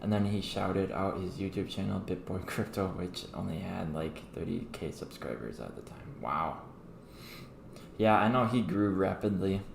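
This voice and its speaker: A man's voice: sits low, moderate pace, creaky. A young man hosting a crypto trading livestream, chatting casually and rambling with many fillers and restarts. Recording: echoey room with faint background noise.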